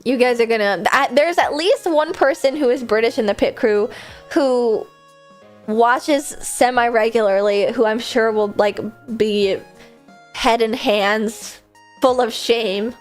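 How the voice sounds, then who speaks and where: A woman streamer chatting casually with her viewers, giggly and self-mocking, with quick asides. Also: on the high side, faint music behind.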